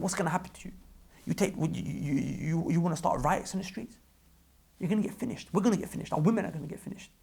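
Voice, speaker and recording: A man's voice: on the high side, gravelly, darkish tone, breathy edge. A young British man in a fervent, preachy vlog rant. He often repeats himself as he speaks. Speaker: vlogger. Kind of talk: impassioned religious vlog rant.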